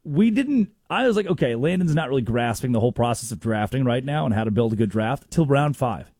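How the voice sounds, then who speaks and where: A man hosting a casual, comedic sports talk show, telling stories with quick asides. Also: medium pitch, slightly rough, no room sound, clean studio sound. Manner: animated storytelling with quick asides. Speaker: sports radio host.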